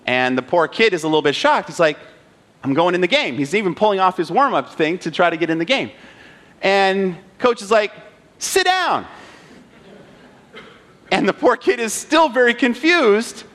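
Man preaching with a fairly high voice. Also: brisk. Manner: animated retelling, acting out scenes; rhetorical questions to the audience. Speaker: pastor. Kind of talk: sermon with storytelling.

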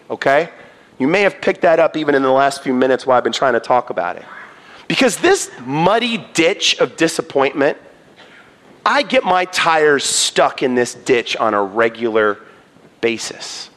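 A man's voice: big pitch swings, normal speed. Man preaching with wide dramatic swings. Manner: dramatic scripture reading, swinging between loud pleas and hushed lows. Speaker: pastor. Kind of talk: sermon.

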